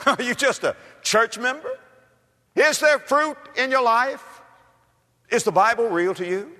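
A male preacher delivering a fervent revival sermon in a bright, ringing voice that climbs high and drops low. He fires off rhetorical questions and swings from near-shouts to hushed lines. His voice carries a long echo through a church hall. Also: expressive, unhurried. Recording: echoey hall.

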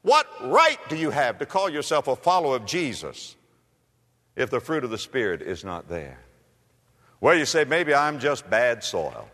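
Man preaching revival, fiery and dramatic, lively up and down voice, echoey church hall. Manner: dramatic, swinging from loud exclamations to hushed low lines; fervent, asks rapid rhetorical questions. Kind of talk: revival sermon.

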